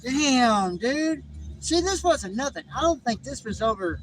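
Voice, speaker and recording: A man's voice: very high-pitched, big pitch swings, unhurried, a little hiss or hum, poor audio. A man, livestreaming in a loose, rambling way, cussing casually and repeating himself, talking from inside a vehicle. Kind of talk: casual live stream chat.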